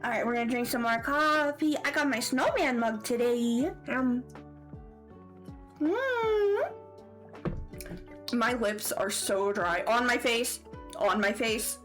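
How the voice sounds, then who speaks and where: A streamer from the Southern United States, speaking with a Southern American accent, chats casually on a livestream, playful and giggly with squealy outbursts. Her voice is a little high and fairly bright, her intonation fairly even and her pace unhurried. Soft music plays in the background.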